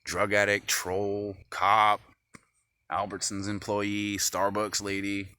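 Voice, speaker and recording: A man with a low voice and a sharp, pressed edge to it. He rambles in an irritated, profanity-laced monologue recorded on his phone, jumping between complaints. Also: completely flat delivery, takes it slowly, a little hiss or hum. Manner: agitated, profane ranting. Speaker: vlogger.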